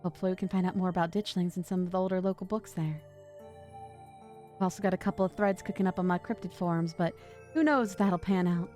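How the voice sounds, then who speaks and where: A woman's voice: lowish voice, fairly even intonation, quick pace, darkish tone, faint music behind, lightly acted. A woman voicing an upbeat cryptid-loving young woman. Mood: chatty. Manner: friendly, encouraging.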